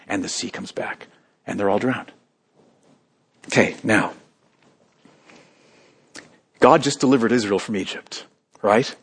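A man preaching a sermon, moving between hushed, quiet passages and loud, emphatic calls to the congregation. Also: medium pitch. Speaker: pastor.

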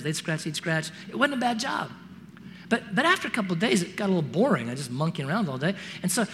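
A man's voice: high-pitched, in a large hall, a little hiss or hum. A man giving a sermon, telling stories and acting out the voices of people in them. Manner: animated, acts out voices in stories. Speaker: preacher. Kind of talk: sermon with storytelling.

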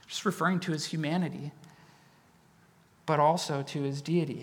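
A man's voice: high voice, flat delivery, a little fast, big-room sound. A man, a pastor, preaching a sermon in a casual, conversational way, repeating phrases and asking the congregation questions.

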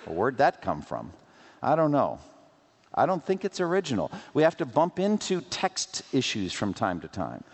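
Male pastor, sermon, lively pitch swings, long hall reverb, rhetorical questions. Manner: animated, rhetorical questions, playful asides.

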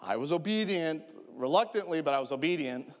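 Animated man in his forties, echoey hall. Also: on the high side, fairly quick. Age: 40s. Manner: animated, self-mocking, laughs often. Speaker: preacher sharing testimony. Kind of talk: humorous storytelling sermon.

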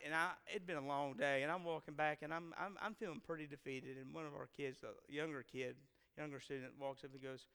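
A man's voice: a little high, pushed and bright, smooth. A man, telling a self-deprecating personal story to a live audience and acting out the quotes. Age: 40s. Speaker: speaker addressing a live audience. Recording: long hall reverb.

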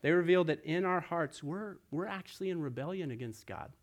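A man's voice: a little high, fairly quick. A man preaching a sermon, explaining earnestly, with his volume rising and falling as he stresses points. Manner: earnest, explanatory preaching with lively swings in loudness. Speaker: pastor.

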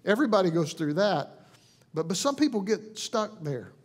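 A man pastor giving a conversational sermon, earnest and gentle, often restarting phrases and dropping softly into quoted lines. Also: high-pitched, big pitch swings, normal speed.

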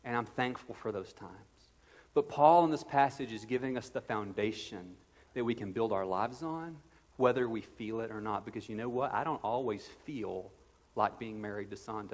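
A man's voice: mid-range voice, slightly rough. A man in his thirties preaching a sermon as pastor, earnest and conversational with playful asides. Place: church sanctuary. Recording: long reverb of a church hall.

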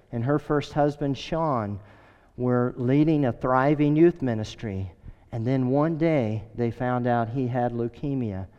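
A middle-aged man preaching a sermon with earnest, emphatic storytelling and a smooth, resonant voice. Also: medium pitch, darkish tone. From United States. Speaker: pastor. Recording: echoey hall, dull sound.

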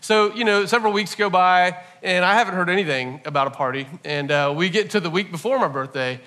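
A man in his forties gives a sermon in a bright, clear voice, pitched a little high. He tells stories in an earnest, lively way. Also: a little fast. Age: 40s. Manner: storytelling, animated and earnest. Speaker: pastor.

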